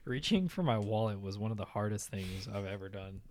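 A young man, a guest on a casual podcast, speaking in a laid-back, drawn-out way and laughing along. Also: on the low side, animated, a little mellow, a little hiss or hum. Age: young adult.

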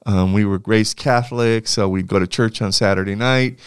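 A man's voice: fairly low pitch, steady tone, normal speed, smooth, no room sound, studio quality. A middle-aged man from California speaking in an interview, telling reflective stories with frequent restarts and fillers. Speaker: university leader being interviewed. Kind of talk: reflective storytelling.

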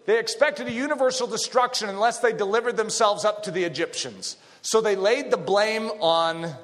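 A middle-aged man preaching a dramatic sermon, dropping low and quiet and then rising to shouts. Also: lively intonation, moderate pace, hardly any pauses, long reverb tail. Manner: dramatic, swings between hushed and shouting.

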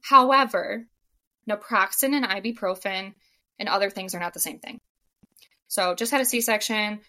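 A young woman recounts her story in relaxed podcast conversation. Her voice is bright, and she talks in an animated way, slipping into the voices of the people she quotes and filling gaps with "like.". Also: medium pitch, moderate pace. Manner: animated, acts out quoted dialogue, frequent "like". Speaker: podcast guest. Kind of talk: casual storytelling.

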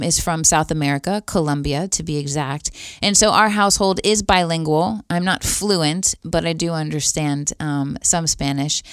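Earnest low-voiced woman sharing a testimony. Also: clean tone, no room sound, studio quality. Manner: earnest and heartfelt, with conversational fillers. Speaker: speaker sharing a faith testimony. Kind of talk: personal testimony storytelling.

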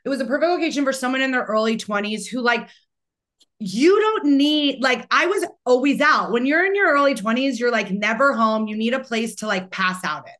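A woman's voice: on the high side, lively intonation, brisk, fairly bright tone. A young woman hosting a podcast, chatting in a rambling way full of "like". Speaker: podcast host. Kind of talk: casual chat.

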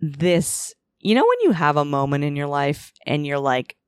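A woman's voice: low voice, very animated, a little fast, clear, resonant tone, no echo, studio quality. A woman hosting a solo podcast, telling a frank, profane, self-deprecating story about her relationships, sometimes acting out what she used to think. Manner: acts out her own past inner voice in quotes. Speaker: podcast host. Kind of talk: solo confessional monologue.

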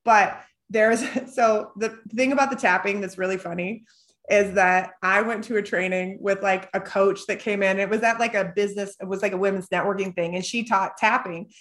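A talkative woman co-hosting a podcast, speaking at an ordinary middle pitch. She laughs often and strings her thoughts together with plenty of "like" and "um." Her delivery is loose and conversational, like a therapist talking shop with peers. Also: steady tone, normal speed, fairly bright tone. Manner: chatty, laughs often, lots of "like". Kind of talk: casual chat.

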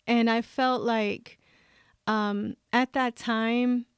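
A woman speaking openly about her grief as a guest in a conversation, expressive and laughing often. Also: fairly high pitch, very slow, clean tone, dry recording, studio quality.

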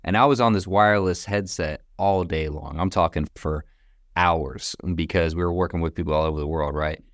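A young man with a very deep, low voice tells stories in a relaxed, chatty way. He sprinkles in casual slang and laughs easily between points. The sound is dry and close, with no room around it. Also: moderate pace, dry recording. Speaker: guest, company founder. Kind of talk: casual storytelling interview.

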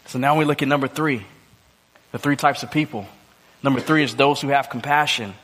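A man preaching a sermon, telling a personal story and acting out the dialogue, then dropping low and slow for the serious parts. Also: fairly even intonation, a bit bright. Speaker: pastor.

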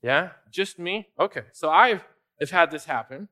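A man's voice: fairly high pitch, expressive, normal speed, pushed and bright. A younger male pastor preaching a sermon in a church, talking in a loose, conversational way with fillers and restarts. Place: church sanctuary.

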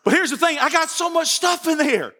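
A man preaching with a very high, bright, sharp voice, animated and joking and often repeating himself. His voice rings through a church sanctuary with a long reverb. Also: brisk. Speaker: pastor. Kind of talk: sermon.

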